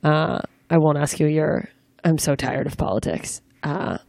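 A young woman hosts a loose interview, asking rambling questions and tossing in jokes as she goes. Her voice sits a little low for a woman, and the dry recording carries no room echo. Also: measured pace, vocal fry, a little mellow. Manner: chatty, rambling, joking questions with fillers. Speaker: interviewer, comedian. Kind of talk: casual interview chat.

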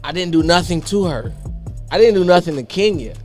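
A man on a podcast telling a profane, animated story and acting out other people's lines. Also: sits high, fairly quick, faint music behind. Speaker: podcast co-host.

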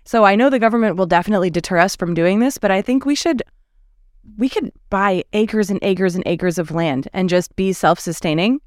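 An animated, sarcastic speaker in a casual podcast chat, quick to laugh and to mock. The voice is of middle pitch and recorded close and dry. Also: no echo.

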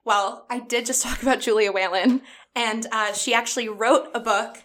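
A woman's voice: on the high side, steady tone, normal speed, a bit bright. A woman who works as a children's librarian, chatting casually and enthusiastically on a podcast and laughing often.

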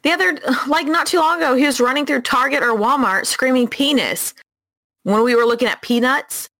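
Bright-voiced young woman, chatty storyteller. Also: high voice, a little fast, no room sound. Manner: animated storyteller, acts out her child's voice. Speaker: podcast co-host. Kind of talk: casual chat.

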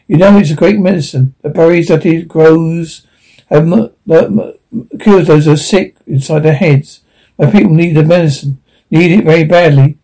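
A man's voice: on the high side, mellow. A man voicing a stubborn human planter on a frontier world, talking in a curt, commanding way.

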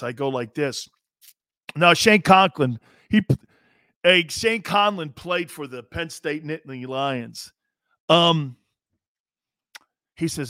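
A middle-aged man hosting a sports talk show, talking loudly and excitably, rambling with many restarts. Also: on the high side, slow, pauses often, dry recording, studio quality. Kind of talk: casual radio talk show chat.

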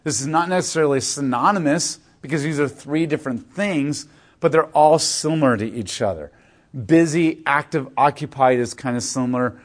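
A man's voice: a little high, moderate pace. A man teaching a class in a casual, explanatory way, with frequent fillers. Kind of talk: classroom lecture.

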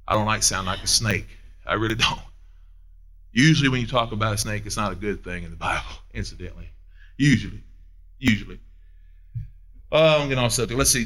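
A man preaching a sermon, emphatic, asking the listeners questions and swinging between loud and hushed. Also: fairly high pitch, big pitch swings, fairly quick. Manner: asks the audience questions.

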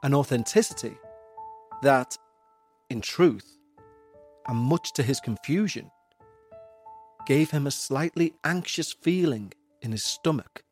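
A man narrating a paranormal horror story in a steady, measured way. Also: medium pitch. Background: faint music.

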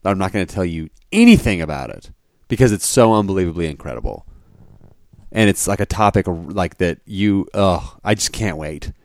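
Chatty low-voiced podcast host. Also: male voice, normal speed, no room sound, studio quality. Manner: animated, lots of "like" fillers. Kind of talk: casual chat.

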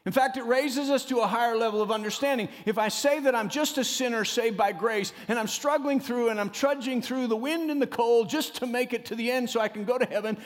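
A man preaching a sermon as pastor, emphatic and animated, often rising loud and dropping to a near hush. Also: a little fast, hardly any pauses, big-room sound. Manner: emphatic preacher who rises and drops in pitch and loudness, calling "come on".

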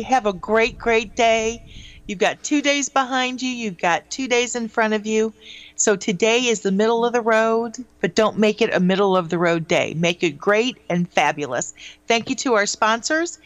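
A woman's voice: a little high, moderate pace, no echo. A woman co-hosting a morning radio show who chats casually and cheerfully signs off listeners.

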